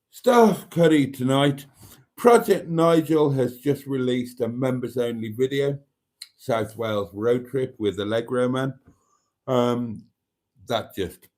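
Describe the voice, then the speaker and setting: A man hosting his nightly livestream in a casual chat, speaking gently and affectionately and often trailing off quietly. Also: medium pitch. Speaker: channel host.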